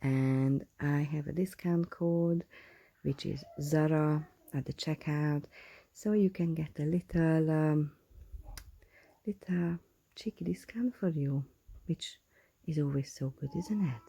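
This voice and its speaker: A woman, a nail technician, chatting to viewers in a casual tutorial voice-over, often dropping into soft whispered asides. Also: low voice, slow pace, husky, dry recording. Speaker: nail technician, channel host. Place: at home.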